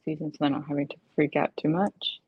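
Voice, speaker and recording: A woman co-hosting a podcast in relaxed casual chat, using words like dude. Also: deep voice, quick pace, slightly rough, no echo, highs cut off. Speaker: podcast co-host.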